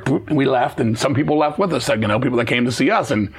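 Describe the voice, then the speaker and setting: A man's voice: mid-range voice, breathy edge. A middle-aged man telling blunt, profane stories in an interview and acting out the voices of the people in them. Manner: fast, swearing, animated, acts out quoted voices. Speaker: interview guest, metal musician. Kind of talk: profane storytelling chat.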